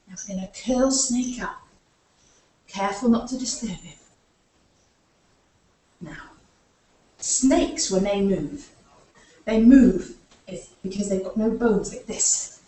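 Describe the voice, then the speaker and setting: A woman's voice: medium pitch, slow, pauses often, mellow. A woman leading a live story time for young children, playfully asking them to join in with actions. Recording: echoey room, far from the mic.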